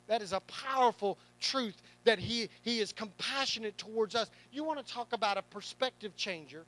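Bright, high-voiced preaching man. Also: expressive, normal speed, hardly any pauses, rough recording. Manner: emphatic preaching with repeated rhetorical questions; playful asides to the congregation. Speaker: pastor. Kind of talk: sermon. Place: church service before a congregation.

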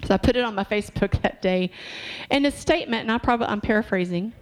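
A woman's voice: medium pitch, fast. Conversational woman preacher. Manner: conversational, asks the congregation questions. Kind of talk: sermon. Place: church.

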